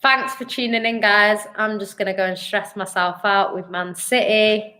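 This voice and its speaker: Bright-voiced woman chatting football. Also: mid-range voice, steady tone, moderate pace. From Manchester, England. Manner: chatty, argumentative, lots of "do you know what I mean". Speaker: co-host of a football fan show. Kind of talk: casual live-stream football chat.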